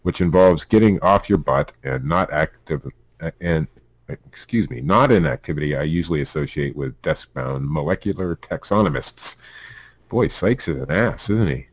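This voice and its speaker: A man's voice: a bass voice, animated, moderate pace, no room sound. A man with a Pennsylvania accent co-hosting a podcast, reading news stories aloud with stumbles, laughs and asides. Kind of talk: casual news chat.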